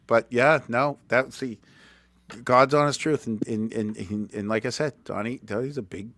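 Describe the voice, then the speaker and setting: A middle-aged man hosting a casual chat, telling stories in an animated way and repeating words when he gets going. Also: medium pitch, moderate pace, dry recording. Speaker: host.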